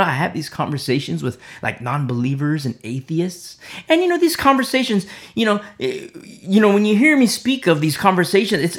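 A man's voice: a little high, a bit bright. A man preaching an informal sermon, impassioned and rambling, with many fillers and repeated phrases.

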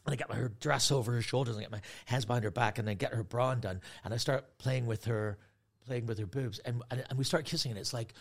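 A man's voice: medium pitch, fast talker, vocal fry. A man in his forties telling a story on a podcast, laughing often and acting out other people's voices. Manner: animated, laughing, acts out voices. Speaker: comedian guest. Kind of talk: casual storytelling.

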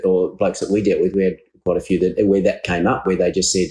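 A deep-voiced Australian man hosts a podcast conversation, speaking earnestly and circling back to rephrase. His voice carries a roomy echo. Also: flat delivery, a little fast, hardly any pauses, a little mellow. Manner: earnest, searching, many restarts. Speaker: podcast host. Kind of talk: conversational interview.

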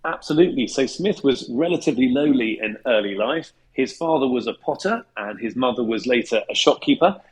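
A man of middle pitch talks as a guest historian, laying out his answers step by step. He tells anecdotes at length and fills his pauses with ums as he thinks. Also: expressive, low-quality recording. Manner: measured, anecdotal, with thinking fillers. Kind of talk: explanatory interview answers.

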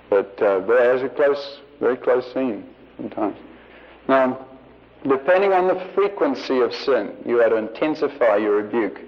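Preacher man telling stories, lo-fi. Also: mid-range voice. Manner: anecdotal, acts out quoted voices. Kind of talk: sermon storytelling.

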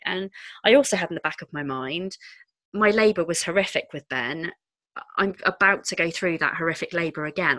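A woman tells a personal story candidly and expressively. Her voice sits a little low yet sounds crisp and bright. The recording is close and dry. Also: dry recording. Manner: frank, expressive, quick asides. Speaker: podcast guest, entrepreneur.

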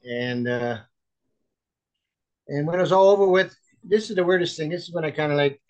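A man's voice: on the high side, normal speed, muffled recording. A man, a chaplain and author, earnestly telling a rambling personal testimony over a remote call, full of fillers and restarts.

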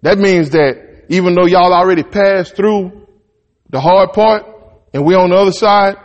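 A male preacher reads out a scripture passage, then steps aside to explain it in homespun, conversational Southern-style talk. His high voice runs a little slow, the recording's highs are cut off, and the room rings with a long reverb.

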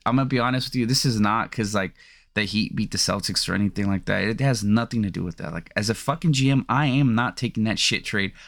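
A man's voice: on the low side, a bit bright. A young man hosting a sports podcast, ranting in a heated, profane, rambling way full of fillers. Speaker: podcast host. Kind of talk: casual sports podcast rant.

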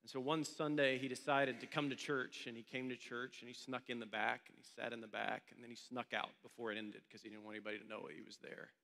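A man's voice: mid-range voice, little pitch movement, quick pace, vocal fry, hardly any pauses, pushed and bright, long reverb tail. A male pastor telling a story during a sermon in a church meeting room, in a loose, conversational way.

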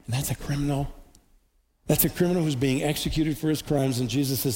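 A man giving a sermon as pastor, earnest, with slow emphatic repetitions. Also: a little high, steady tone, darkish tone. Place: church hall. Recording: distant reverberant hall recording with faint noise.

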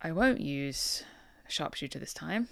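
A woman's voice: sits low, expressive, a little slow, vocal fry, no room sound, clean studio sound. A woman playing in a tabletop game, chatty, swearing when rolls go badly. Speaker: player. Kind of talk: casual tabletop play.

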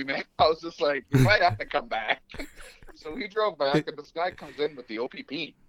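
A man's voice: a little high, fairly quick. A young man co-hosting a podcast, telling a story in casual chat, acting out quotes and laughing often. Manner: animated, acts out quotes, laughs often, swears. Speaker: podcast co-host. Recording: dull dry studio mic.

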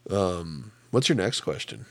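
A man from the Midwest, chatting casually as a podcast co-host and telling stories in an animated way. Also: low-pitched, unhurried. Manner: animated storyteller, laughs often. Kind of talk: casual chat.

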